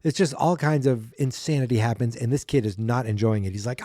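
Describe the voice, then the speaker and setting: A man with a dark, mellow voice talks through a sitcom plot in a loose, rambling recap. He pops into higher, sillier voices for the characters' quotes. The sound is close and dry, with no room around it. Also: brisk, no room sound. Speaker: podcast host. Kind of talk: casual episode recap.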